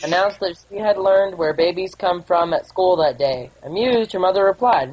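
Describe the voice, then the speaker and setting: A woman's voice: fairly low pitch, moderate pace, few pauses, darkish tone, rough recording. A woman casually telling jokes as a gameplay commentator, laughing at her own punchlines.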